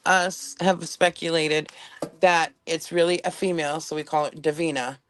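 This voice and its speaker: A woman's voice: low-pitched, fairly even intonation, moderate pace, slight background noise. A woman interviewer in casual chat, reacting with laughs and short remarks.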